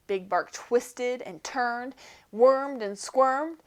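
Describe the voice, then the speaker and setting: A woman, a teacher, reading a children's picture book aloud in an expressive storytelling manner. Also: fairly high pitch, drawn-out words.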